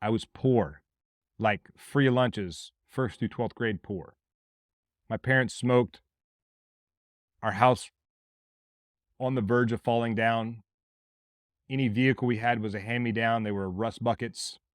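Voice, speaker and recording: A man from Mississippi with a Southern accent, hosting a podcast as a blunt, forceful motivational monologue with plenty of swearing. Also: mid-range voice, fairly even intonation, slow pace, pauses often, no echo, clean studio sound. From Mississippi, USA. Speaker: podcast host.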